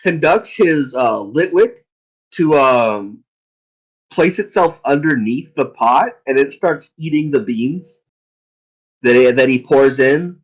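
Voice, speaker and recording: A man's voice: medium pitch, expressive, takes it slowly, poor audio. A young man narrating as game master of a tabletop game, casual and profane, rambling as he describes the scene.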